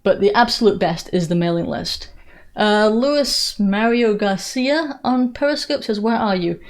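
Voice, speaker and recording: A woman with a blended English and American Southern accent runs a live political commentary stream in a middle-pitched voice. She talks in a sarcastic, mocking way, often restarting her sentences as she answers viewer questions. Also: measured pace. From England.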